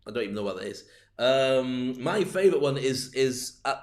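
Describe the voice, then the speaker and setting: A man's voice: mid-range voice, expressive, normal speed. A man hosting a live-streamed business talk, rambling with jokey, self-deprecating asides. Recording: roomy echo.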